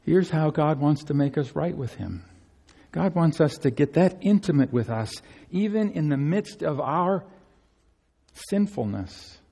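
A man preaching a sermon in an earnest, pleading way, swinging between soaring emphasis and hushed tenderness. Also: on the high side, animated, a little slow, vocal fry, husky.

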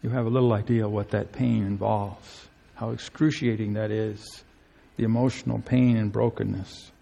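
A man preaching a sermon in an earnest, pleading way, swinging between soaring emphasis and hushed tenderness. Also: fairly low pitch, steady tone, normal speed, creaky.

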